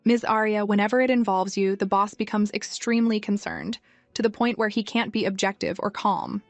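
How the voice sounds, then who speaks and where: A woman's voice: medium pitch, a little fast, no room sound, close to an everyday voice. A woman voicing an earnest, shy young male henchman who talks plainly and a little flustered, over faint music. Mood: serious. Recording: dry, music faint behind.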